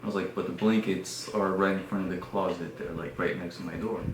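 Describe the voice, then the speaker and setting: A man on his podcast, casually telling a story in an animated way, with lots of fillers and hushed passages. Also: sits low, brisk. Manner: animated retelling with many fillers, dropping to hushed tones. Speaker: podcast host. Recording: echoey room with faint background noise.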